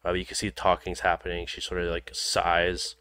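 A man narrating a tabletop role-playing game as game master, in a loose, relaxed delivery full of ums and pauses. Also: deep voice, slight background noise. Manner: loose, filler-heavy narration with frequent ums.

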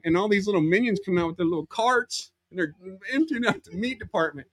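A man, a podcast guest telling a comic story in an animated way, acting out voices and laughing as he goes. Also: high voice, moderate pace, no room sound.

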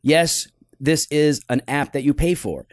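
A man's voice: fairly high pitch, measured pace, no echo. Dry-voiced teasing male podcast co-host. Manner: teasing, breaks into preaching tone. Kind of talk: casual chat and sponsor read.

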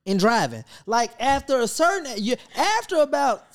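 A young man hosting a casual talk show. He tells stories animatedly, his pitch swinging up and down, and laughs often as he goes. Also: very animated, moderate pace. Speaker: podcast host. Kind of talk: casual storytelling chat.

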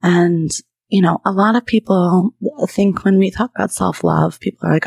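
A woman's voice: fairly low pitch, steady tone, normal speed, gravelly, darkish tone, slightly rough, dry recording. A woman in her thirties hosting a podcast as a trauma therapist, talking candidly and chattily with frequent laughs. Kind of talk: casual solo podcast talk.

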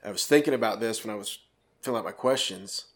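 A man's voice: lowish voice, fast talker. A man guest on a podcast, answering briefly and matter-of-factly. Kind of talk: casual chat.

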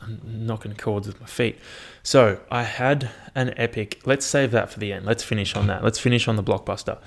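A young man talks alone into his podcast mic, rambling from one story to the next with plenty of swearing. His voice sits a little low and has a gravelly, fry-heavy edge. The delivery stays loose and offhand. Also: fairly even intonation, normal speed. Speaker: podcast host. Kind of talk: casual solo podcast chat. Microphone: podcast microphone.

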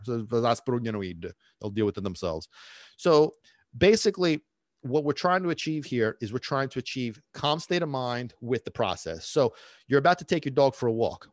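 A man's voice: mid-range voice, no echo, clean studio sound. A man hosting a dog-training podcast, talking bluntly and cursing, teasing listeners with quiz questions. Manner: lively, jumps between loud and hushed. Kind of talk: solo podcast talk.

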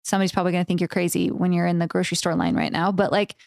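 On her solo podcast, a business coach talks in a casual, animated way, swearing freely and peppering her speech with "like" and "right?" Her pitch jumps for emphasis, and her racing, creaky voice comes through clean studio audio with no echo.

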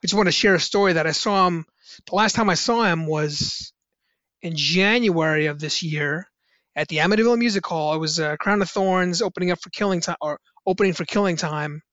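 A man's voice: high-pitched, fairly quick, fairly bright tone, no room sound, lo-fi sound. A man, a musician, telling rambling casual stories with lots of fillers and restarts. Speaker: musician guest on a podcast. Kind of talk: casual anecdotal storytelling.

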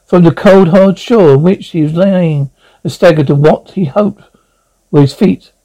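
Reading a novel aloud as an audiobook narrator, a man often stumbles over words and corrects his misreadings. His high-sitting voice is a bit slow with a dark tone, and the recording is rough.

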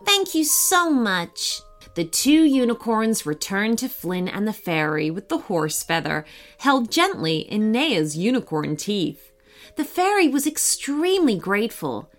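Slow, expressive woman reading a story. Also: medium pitch, faint music behind. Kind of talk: children's bedtime story reading.

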